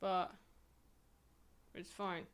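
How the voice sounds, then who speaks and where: A young woman streamer chatting casually and rambling from a small home office, poking fun at herself. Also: extremely slow. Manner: rambling, chatty, self-mocking. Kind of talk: casual live-stream chat.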